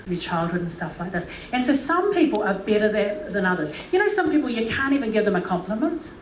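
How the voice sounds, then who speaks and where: A woman's voice: medium pitch, very animated, a little fast, few pauses, slight background noise. Chatty woman preaching in an echoey hall. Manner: chatty and joking, with many asides. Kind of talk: humorous sermon with storytelling. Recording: echoey hall, distant mic.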